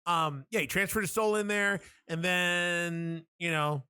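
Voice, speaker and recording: A man co-hosting a podcast, chatting casually and profanely, animated as he retells scenes and throws in quick impressions. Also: high voice, smooth, dry recording, studio quality. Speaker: podcast co-host.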